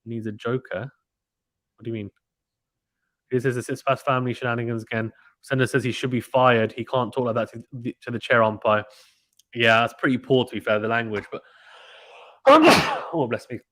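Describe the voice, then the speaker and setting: Male streamer, casual excitable play-by-play, dry booth sound. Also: mid-range voice, normal speed, pauses often, no room sound. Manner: chatty, excitable, uses British slang. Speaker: live tennis stream commentator. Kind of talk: casual live play-by-play commentary reading chat.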